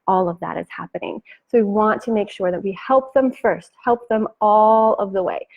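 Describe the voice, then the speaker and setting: A woman business coach giving a chatty, animated live talk, acting out her clients' lines and laughing often. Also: mid-range voice, moderate pace, vocal fry, phone-quality sound.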